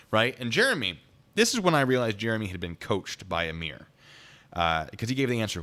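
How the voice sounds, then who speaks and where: A man telling a story on a live stream, excitable and rambling. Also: lowish voice, brisk.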